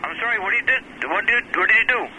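A man's voice: sits high, fast talker, sharp tone, slight background noise, rough recording. A man answering the phone at a fence business who is polite and hesitant and keeps calling the caller sir. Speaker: fence company employee. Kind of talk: phone call.

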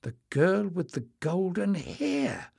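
A man's voice: medium pitch, sing-song, normal speed, vocal fry, fairly bright tone, breathy edge, dry recording, clean studio sound, pitched above the performer's own voice, heavily acted. A man reading an audiobook voices a bold young woman adventurer who speaks in a pert, outspoken way.

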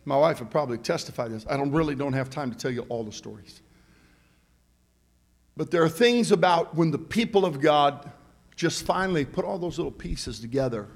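A middle-aged man preaching a sermon in a church, mixing jokey conversational asides with shouted, rising calls to the congregation. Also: on the high side, lively intonation, brisk, creaky. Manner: preaching with call-and-response, building to shouts. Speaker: pastor. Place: church sanctuary.

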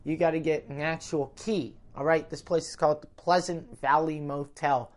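A Canadian-accented comedian rambles through a profane road-trip story in casual podcast talk, often interrupting himself. His voice is a little high, his tone steady, and his pace moderate.

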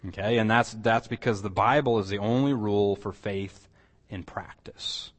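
A man's voice: on the low side, fairly even intonation, normal speed. A male pastor teaching a church class in a conversational way, asking his listeners questions. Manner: conversational, asks the room questions, restarts phrases. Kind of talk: sermon teaching, closing in prayer.

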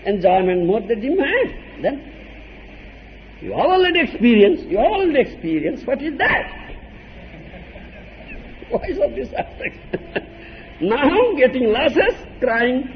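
A man giving a scripture discourse as a spiritual teacher, animated and chuckling, often checking in with "Huh?". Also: extremely high pitch, vocal fry, in a large hall. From Odisha, India. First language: Odia. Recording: dull lo-fi tape with faint hiss.

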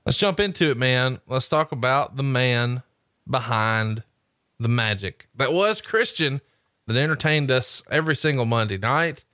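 A man's voice: mid-range voice, lively intonation, unhurried, pushed and bright, no echo. A man co-hosting a podcast, upbeat and promotional, often tacking "man" onto his sentences. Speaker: podcast co-host. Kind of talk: casual podcast chat with ad reads.

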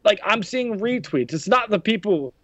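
A man's voice: high-pitched, expressive, normal speed, fairly bright tone, no echo, dull audio. A man hosting a podcast who rants indignantly and swears freely in casual talk. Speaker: podcast host. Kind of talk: heated casual podcast rant.

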